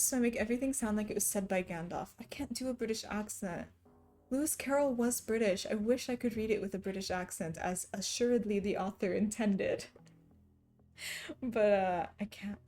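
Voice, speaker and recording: A woman's voice: medium pitch, dark tone. Young woman, livestream chat, playful and giggly, teasing tone, faint music behind.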